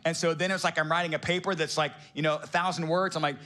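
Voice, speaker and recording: A man's voice: on the high side, fairly even intonation, quick pace, hardly any pauses, sharp tone. A middle-aged man preaching a sermon in a conversational, joking way, often asking the congregation rhetorical questions. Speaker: pastor.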